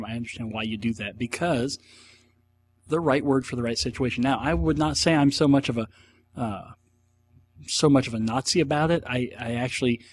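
A middle-aged man hosts a casual solo podcast, answering listener questions in a rambling, enthusiastic manner peppered with rhetorical asides. His voice sits in the mid range, with a little hiss or hum in the audio.

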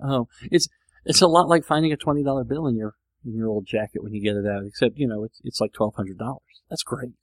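A man hosts a podcast in a casual, rambling monologue, teasing himself and restarting often. His medium-pitched voice moves at a quick pace, with no room sound.

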